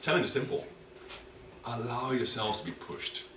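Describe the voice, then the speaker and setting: A man's voice: mid-range voice, normal speed. Guy preaching in church, voice swings up and down a lot, dramatic, repeats lines, echoey far-off mic. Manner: animated, dramatic, repeats key phrases. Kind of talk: sermon with congregation call-and-response. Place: church hall. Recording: echoey hall, distant mic, background noise.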